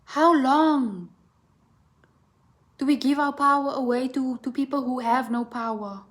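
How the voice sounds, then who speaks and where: A woman's voice: sits high, a little slow. A woman giving a tarot reading as a blunt, profane, impassioned rant, asking "right?" again and again. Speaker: tarot reader.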